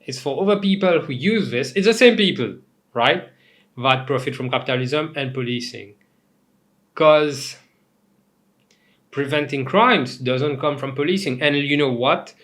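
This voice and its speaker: A young man from Mauritius hosts his own comedy commentary, mid-pitched and loose. He rambles through asides, swears freely and jumps between mock outrage and quiet muttering. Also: unhurried. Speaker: host.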